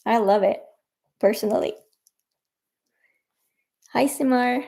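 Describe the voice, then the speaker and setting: A native French speaker with a French accent coaches and teaches viewers during a casual livestream, talking to them directly in a chatty, encouraging way. Her voice sits fairly high but has a dark, creaky tone, and she speaks slowly.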